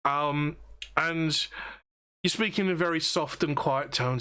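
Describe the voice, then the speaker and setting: A man's voice: on the high side, takes it slowly, bright, forceful tone, smooth. A man narrating a tabletop game as game master, with many hesitant fillers as he goes.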